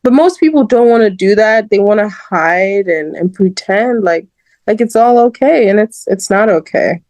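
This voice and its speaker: A young woman from Southern California co-hosting a casual podcast chat, animated and laughing often, with lots of "like" in her speech. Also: medium pitch, moderate pace, dry recording. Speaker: guest host.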